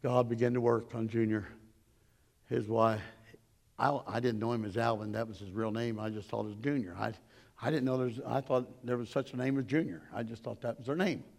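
Gravelly preacher telling stories in a sermon. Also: male voice, steady tone, a little fast, big-room sound. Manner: preaching storyteller, swelling loud and high then dropping low. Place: church sanctuary.

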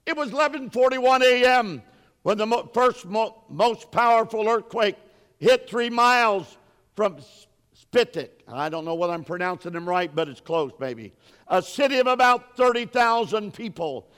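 A man preaching a sermon in a church, halting, with many fillers, and building up to shouted questions. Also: high voice, expressive, clear, resonant tone. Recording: long reverb in a large hall.

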